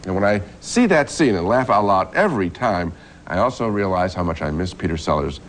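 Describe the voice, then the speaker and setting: A man co-hosting a TV film review show, speaking in a measured, reflective way. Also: deep voice, lively intonation, a little hiss or hum. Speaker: film critic, co-host.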